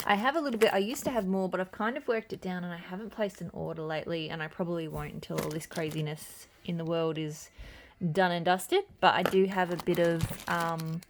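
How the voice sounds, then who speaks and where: A woman's voice: lowish voice, steady tone, brisk. A woman from Australia with an Australian accent, chatting casually as she tours her wax melt collection at home, rambling with many ums and restarts. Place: home with noises around. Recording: noisy home recording.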